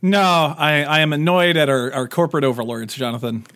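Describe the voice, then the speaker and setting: A man co-hosting a podcast, chatting in a goofy, animated way and often trailing off and restarting. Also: on the high side, a little fast. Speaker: podcast co-host. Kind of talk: casual chat.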